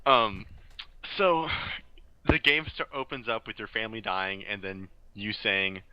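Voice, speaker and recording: A young man, a guest on a casual podcast, telling animated stories and laughing often. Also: lowish voice, unhurried, clear, resonant tone, no echo, muffled recording.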